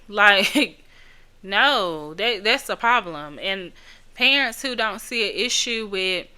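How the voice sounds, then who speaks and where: Blunt, bright-voiced woman podcast host. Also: mid-range voice, clean tone. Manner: blunt, scolding, emphatic repetition with occasional laughs. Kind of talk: casual opinion monologue.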